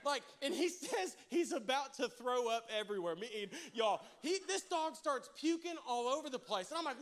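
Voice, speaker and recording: A pastor preaching in church spins a humorous story from his own life, with lots of call-and-response from the congregation. His high, light voice moves fairly quickly, shifting from animated and playful to earnest exhortation.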